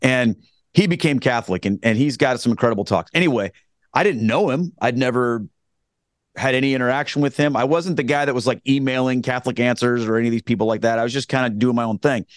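A man's voice: medium pitch, dry recording, clean studio sound. A man, earnestly telling his conversion story as a guest, rambling with frequent restarts. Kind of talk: casual spoken testimony.

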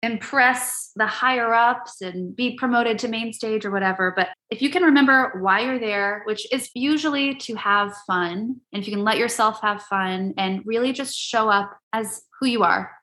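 Upbeat woman improviser, bright voice, echoey room mic. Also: on the high side, normal speed, few pauses. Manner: upbeat, laughs often, warm about her group. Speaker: improv theater member, guest. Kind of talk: casual interview.

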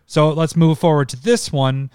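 A man co-hosting a casual card-game discussion, relaxed and often laughing, sometimes reading card text aloud. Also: on the high side, moderate pace, smooth, no room sound, studio quality. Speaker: podcast co-host.

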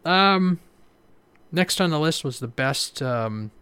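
A man's voice: a little high, lively intonation, takes it slowly, pushed and bright, clear, resonant tone, dry recording. A man hosting a casual livestream, rambling, with many fillers and restarts. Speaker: livestream host.

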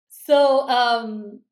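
A woman's voice: a little high, low-quality recording. A woman co-hosting a casual podcast. She mostly agrees in short replies and brings in the next question in an easygoing way. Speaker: podcast co-host. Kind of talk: casual chat.

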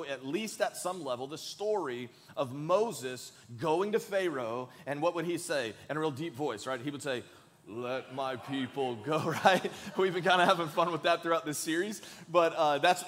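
A man preaching a sermon as pastor in a church, earnest and emphatic, leading the congregation in saying lines together. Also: fairly high pitch. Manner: earnest, emphatic, leads the congregation in call-and-response. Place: large church sanctuary. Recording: long hall reverb.

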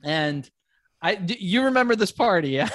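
A man telling a long animated story as a podcast guest, swearing freely and breaking into laughter. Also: sits high, slight background noise. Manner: profane, animated, quick laughs.

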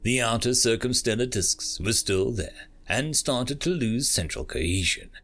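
A man narrating short science fiction stories as an audiobook, in steady, scripted storytelling. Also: medium pitch, a little slow.

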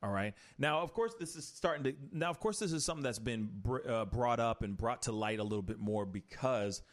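A man hosting a casual commentary show, animated and opinionated, rambling through entertainment news. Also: mid-range voice, brisk. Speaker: talk show host.

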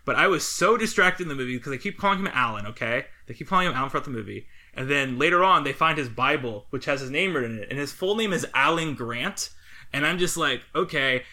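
A man co-hosting a podcast, recapping a film in casual chat, rambling and laughing often. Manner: rambling, animated, laughs often, breaks into high-pitched impressions. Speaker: podcast co-host.

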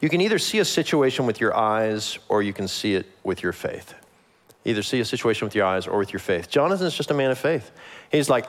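Animated, lively man preaching a sermon. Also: fairly low pitch, fairly quick. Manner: animated, acts out the characters in a joking modern voice; laughs often. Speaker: pastor. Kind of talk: casual sermon with scripture reading.

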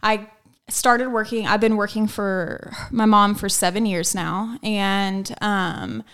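A woman's voice: medium pitch, steady tone, slow, fairly bright tone, clean tone. A young woman, telling upbeat stories in a casual chat about working with her mother. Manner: upbeat storytelling with small laughs. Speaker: salon colorist, guest.

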